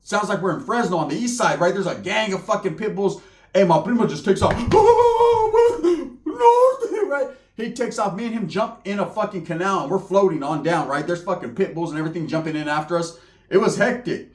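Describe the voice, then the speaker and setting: A man's voice: high-pitched, fast talker, echoey room. A man telling a wild comedic story in casual street slang, cursing and acting out the people in it.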